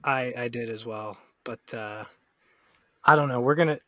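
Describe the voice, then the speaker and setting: A man with a somewhat nasal, mid-pitched voice co-hosts a loose podcast chat, rambling, joking and laughing between his lines. The sound is dry and close, with no room around it. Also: normal speed, pushed and bright, no echo. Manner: joking, rambling, laughs often, swears freely. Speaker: podcast co-host. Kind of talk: casual chat.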